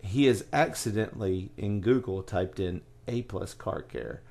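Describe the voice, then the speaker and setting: A man hosting a casual podcast, telling a story in quick, animated bursts full of fillers and restarts. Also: fairly low pitch, creaky. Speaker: podcast host.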